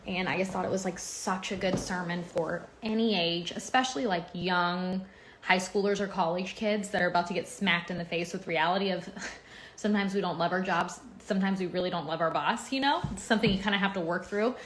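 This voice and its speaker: A woman in her thirties with a drawl chats into her phone, rambling from story to story with plenty of "like" and "um". Her voice sits on the lower side, with a faint hiss under it. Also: steady tone, a little fast. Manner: chatty, rambling storytelling with lots of "like" and "um". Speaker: lifestyle blogger and home renovation host. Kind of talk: casual chatty phone vlog.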